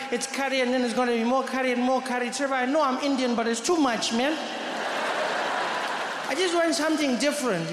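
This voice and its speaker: Man doing a high whiny schoolboy, fed up, shrieks, big echoey theatre. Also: slight background noise. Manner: shrieking outbursts, weary complaining. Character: exasperated Indian schoolboy, weary of daily curry. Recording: reverberant theatre with audience.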